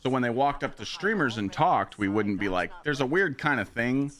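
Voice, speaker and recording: A man streaming live, telling a story in a casual, profane and animated way. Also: mid-range voice, moderate pace.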